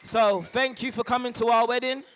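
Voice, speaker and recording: A man with a notably high voice speaks as the groom at a wedding reception. He stops and restarts, repeating lines as he gets emotional, and laughs between thanks. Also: steady tone, a little hiss or hum. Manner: halting, repeats himself, breaks into laughter. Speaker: groom giving a wedding speech.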